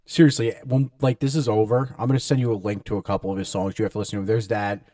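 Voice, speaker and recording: A man's voice: lowish voice, steady tone, fast talker, dark tone, no echo, studio quality. A man co-hosting a casual podcast chat, talking bluntly with lots of swearing and mocking asides. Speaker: podcast co-host.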